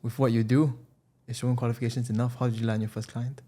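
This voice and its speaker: Fast, mellow-voiced male podcast host. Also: medium pitch, flat delivery. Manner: curious, probing questions. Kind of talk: interview questions.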